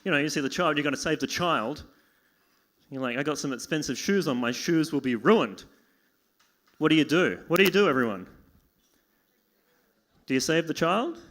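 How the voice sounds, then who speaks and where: A young man with a high, bright, forceful voice does stand-up. He mocks himself and acts out little scenes, jumping into squeaky yelps and frantic begging. He plays it for a live pub crowd. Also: lively intonation, moderate pace, pauses often. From Australia. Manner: self-deprecating, acts out dialogue with sudden yelps and pleading. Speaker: stand-up comedian. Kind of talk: stand-up comedy set. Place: small pub venue with live audience.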